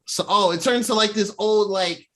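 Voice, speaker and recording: A man's voice: high-pitched, normal speed, pushed and bright. A man co-hosting a podcast, casually recapping a TV episode and acting out the characters' lines as he goes. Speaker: podcast co-host.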